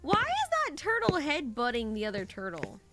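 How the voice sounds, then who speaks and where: A woman's voice: high voice, wildly swooping pitch, moderate pace, music in the background. A young adult woman streamer reacting to her chat, swearing freely and whining in mock outrage.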